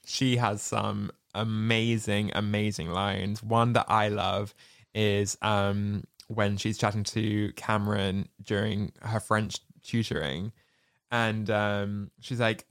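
A podcast co-host chatting casually, quick to chime in with enthusiastic reactions. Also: deep voice, level tone, gravelly. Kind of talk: casual chat.

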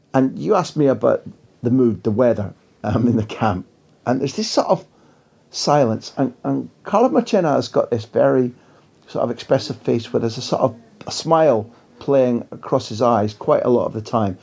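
A man's voice: mid-range voice, expressive, normal speed, creaky, darkish tone, breathy edge. A man telling anecdotes as a guest in a casual interview, in a rambling, wry way.

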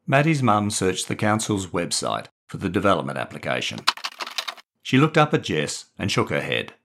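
A man's voice: low-pitched, moderate pace. A man reading his own short stories aloud and explaining how he wrote them. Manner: expressive storyteller. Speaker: writer and narrator.

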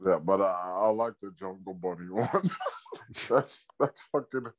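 A man with a very low voice co-hosts a podcast, talking in a slangy, laid-back way. He stumbles and repeats words as he goes. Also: lively intonation, a little slow, rough recording. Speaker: podcast co-host. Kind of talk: casual podcast banter.

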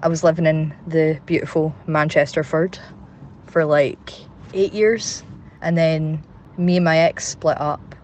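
A man's voice: a little high, steady tone, measured pace, a little hiss or hum. A man with a Glasgow accent calling in with a chatty, candid voice message, recorded on a phone. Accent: Scottish, Glasgow. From Scotland. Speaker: caller. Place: in a parked car outdoors.

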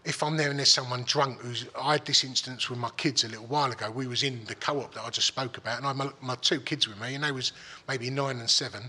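A middle-aged man talks as a guest in a loose, rambling way, with frequent restarts and casual swearing. His voice is husky but bright and forceful, pitched a little high. The room around him has a long, echoing reverb. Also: steady tone, fast talker, few pauses. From East London. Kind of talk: casual interview chat, frank and sweary.

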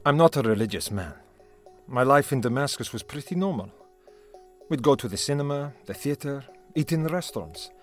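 A man's voice: medium pitch, animated, moderate pace. Man, heartfelt first-person narration, emotional delivery, music bed behind.

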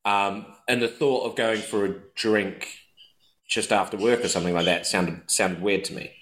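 New man telling lively stories. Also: lowish voice, moderate pace, reverberant, a little hiss or hum, poor audio. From New Zealand. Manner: animated, acts out voices in anecdotes. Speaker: podcast co-host. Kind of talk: casual storytelling chat.

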